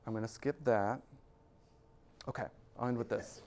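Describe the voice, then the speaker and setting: A man speaking at an investor club, giving an energetic presentation to a live audience and joking as he goes. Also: mid-range voice, moderate pace. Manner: energetic and joking, laughs between points.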